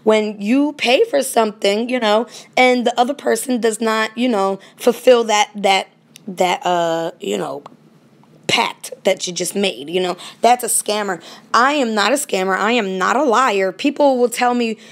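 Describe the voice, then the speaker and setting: Animated, indignant woman vlogger. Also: a little high, measured pace. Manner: animated, indignant, talks to viewers directly. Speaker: paranormal vlogger. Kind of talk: casual direct-to-camera rant.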